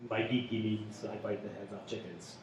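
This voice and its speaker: A man co-hosting a casual radio show, tossing in dry, deadpan wisecracks. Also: fairly low pitch, moderate pace. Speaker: co-host. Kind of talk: casual banter. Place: pub. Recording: echoey pub room from far off. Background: faint room noise.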